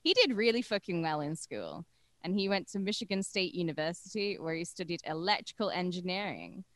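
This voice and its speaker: Woman, podcast co-host, irreverent storytelling, slightly low pitch, dry close sound. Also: lively intonation, a little fast, no room sound. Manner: irreverent and crude, joking between facts. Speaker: podcast co-host narrating a true-crime story. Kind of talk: casual comedic storytelling.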